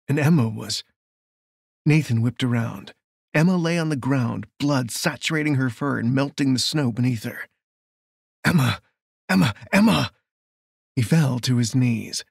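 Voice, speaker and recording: A man reading a romance novel aloud in a steady, measured storytelling voice. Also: medium pitch, creaky, dry recording, studio quality. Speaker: audiobook narrator. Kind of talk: scripted romance narration.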